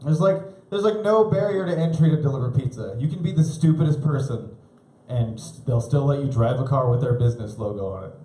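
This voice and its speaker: A young man doing a live stand-up set, rambling and laughing at his own stories, jumping into high shouty voices for the people he quotes. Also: fairly quick, hardly any pauses. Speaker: stand-up comedian. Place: live comedy club stage. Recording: roomy club sound.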